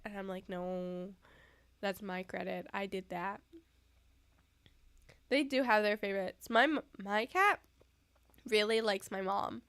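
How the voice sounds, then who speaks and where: A woman's voice: mid-range voice, a bit bright, no echo. A young woman in casual chat to her viewers at home, sleepy and yawning, often giggling. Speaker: streamer. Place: indoors at home.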